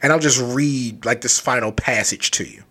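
A man casually recapping a children's horror story, loose and animated, with lots of filler words. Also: medium pitch, moderate pace, breathy edge. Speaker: book reviewer.

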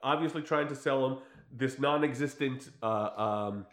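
With a mid-range voice at a moderate pace, a man in an echoey room chats through a film recap for his podcast. He brings real energy, voicing the quoted lines and swearing freely.

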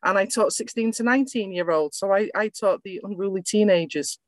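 A woman with an English accent speaks as a guest in a casual interview, friendly and clear as she explains her work. Her pitch sits mid-range. The sound is dry and close. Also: a little fast, no room sound. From England. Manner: friendly, conversational, explains plainly. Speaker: IT business owner, guest.

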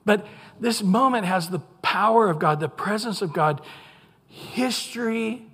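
A man preaching a Bible teaching, animated, acting out quotes in little voices. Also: high-pitched, a little slow, breathy edge. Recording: long hall reverb.

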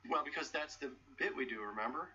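A man's voice: on the high side, fast talker, bright, forceful tone, breathy edge, exaggerated voice. A man playing a jokey comedian character in a sitcom, heard in an old TV clip. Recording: distant muffled TV clip with background noise.

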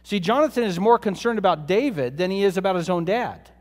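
A man with a high voice delivers a sermon, talking to his listeners in a conversational way and asking them rhetorical questions. His voice rings with a long reverb, as if heard in a large hall. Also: animated, brisk. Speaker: preacher.

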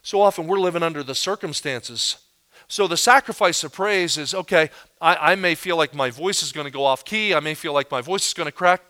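A man delivers a sermon with a bright, slightly higher voice. He tells stories and slips into other voices for the quotes he acts out. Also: brisk. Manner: animated storytelling, acting out quotes in different voices. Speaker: pastor.

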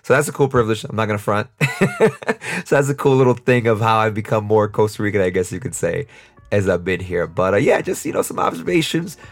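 A young man with a New York accent talks off the cuff on his solo podcast, rambling and laughing easily. His voice sits fairly low. Faint music plays behind him. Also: lively intonation, fast. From United States, New York. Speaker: podcast host. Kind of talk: casual solo podcast monologue.

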